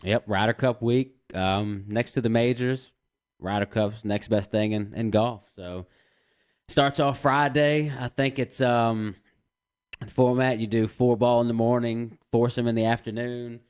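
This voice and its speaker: A man's voice: mid-range voice, steady tone, unhurried, a little mellow, clear, resonant tone. A man co-hosting a sports podcast, matter-of-fact as he reads off stats and player names. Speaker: podcast co-host. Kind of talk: casual sports chat.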